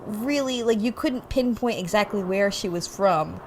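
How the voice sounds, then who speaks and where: A woman's voice: medium pitch, moderate pace, a little hiss or hum. A woman co-hosting a casual podcast, giggly and hesitant, with many fillers. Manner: giggly, hesitant, lots of likes and ums. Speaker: podcast co-host. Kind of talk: casual chat.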